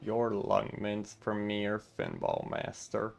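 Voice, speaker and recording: A man voicing a stern, calm older male city boss in a slow, lowered, measured voice while reading a game story aloud. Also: vocal fry, heavily acted. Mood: grave.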